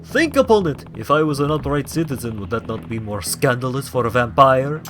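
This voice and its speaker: A man voicing a theatrical immortal vampire with slow, booming, overly dramatic delivery while reading game dialogue aloud. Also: animated, fairly bright tone, soft background music, close to an everyday voice. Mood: scheming. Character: theatrical immortal male vampire, grandiose and menacing.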